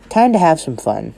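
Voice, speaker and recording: A man's voice: fairly high pitch, creaky, warm tone, full character voice. A man voicing smug overpowered teen hero. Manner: offhand, casually cruel.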